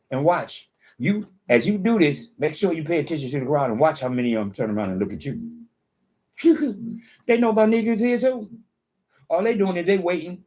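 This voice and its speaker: A man's voice: a little high, darkish tone. An American man giving a casual monologue commentary, preachy and boastful, who keeps repeating himself for emphasis. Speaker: online commentator.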